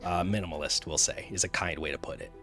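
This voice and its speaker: A man runs a tabletop campaign as game master, narrating with a low voice. He rambles, filling gaps with pauses and restarts. Faint music plays behind him. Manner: rambling narration with many fillers.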